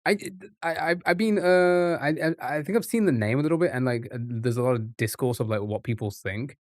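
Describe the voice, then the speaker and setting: A man streaming live, thinking aloud over a word puzzle with frequent pauses and restarts. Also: mid-range voice, no echo, clean studio sound. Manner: halting, restarts often, muses aloud.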